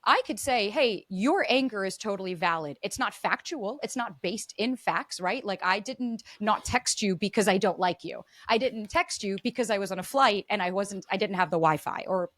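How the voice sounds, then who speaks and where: A woman's voice: mid-range voice, normal speed, few pauses, fairly bright tone, no echo. A woman relationship coach, a podcast guest, explaining earnestly and acting out example dialogue. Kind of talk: explanatory interview talk.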